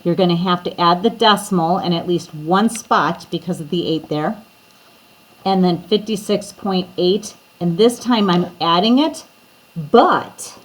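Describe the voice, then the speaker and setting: A woman's voice: lowish voice, poor audio. Woman teacher walking through math steps. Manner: explaining steps plainly, addressing students directly. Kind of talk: recorded math lesson walkthrough.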